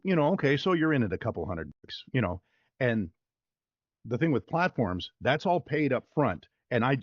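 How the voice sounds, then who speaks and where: A voice-over artist talking casually in an interview, upbeat and rambling with plenty of fillers. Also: male voice, medium pitch, no echo, highs cut off.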